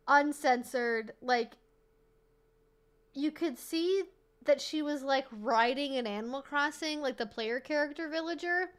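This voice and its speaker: Brief: woman streamer, high voice, loose and animated, rambles and swears freely. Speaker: streamer host. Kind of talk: casual live-stream chat.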